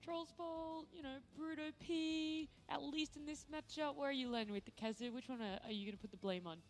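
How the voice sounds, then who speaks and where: Lady host asking the panel stuff, high voice, talks fast. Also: soft background music. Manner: brisk, questioning the analysts. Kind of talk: panel hosting.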